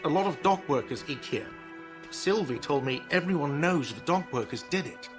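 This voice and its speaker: A man plays a whiny, touchy diner manager in a video game. His pitch swings up and down a lot as he gets defensive, and game music plays behind him. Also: lively intonation, normal speed, close to an everyday voice. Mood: irritable. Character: irritable, whiny adult male diner manager.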